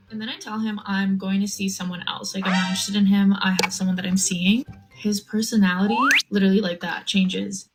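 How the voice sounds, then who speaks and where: Young woman, casual storytime, filler-heavy, mid pitch, faint music bed. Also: rough recording. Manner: chatty, many "like" fillers, acts out quotes.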